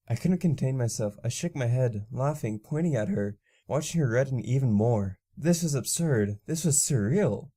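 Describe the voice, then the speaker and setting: A man's voice: medium pitch, animated, normal speed, mellow. A man narrating a fan fiction story in the first person, reading steadily.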